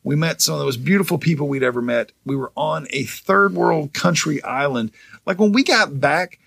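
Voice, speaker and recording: A man's voice: fairly high pitch, moderate pace, gravelly, fairly bright tone, husky, no room sound. A young man co-hosting a podcast, telling a travel story in casual, profane chat, laughing often. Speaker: podcast co-host.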